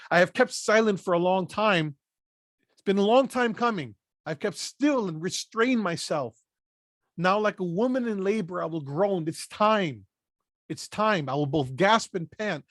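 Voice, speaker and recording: A man with a notably high voice teaches a Bible study, reading passages aloud and then cutting in with brief, emphatic asides. The sound is dry and close, with almost no room around him. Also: dry recording. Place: lives in Pennsylvania.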